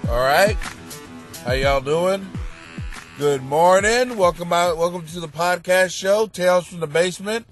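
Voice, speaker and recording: A man hosting his podcast, rambling through a profane, animated comic monologue. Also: sits high, a little slow, faint music behind. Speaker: podcast host, comedian.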